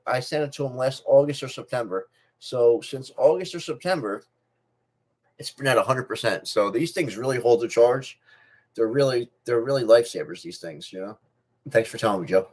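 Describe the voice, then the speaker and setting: A man's voice: medium pitch, a little mellow. Rambling middle-aged man with a speech difference. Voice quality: speech difference, not a stutter. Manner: rambling, repeats and restarts phrases. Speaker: channel host. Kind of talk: casual personal talk to camera.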